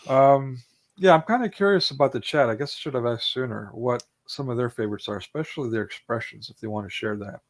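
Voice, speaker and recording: An American man hosts a relaxed online conversation, his voice heavy with gravelly fry. He speaks in a considered way, filling his pauses with ums at a middling pitch. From United States. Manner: relaxed, thoughtful, with many ums. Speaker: podcast host. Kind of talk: casual conversation.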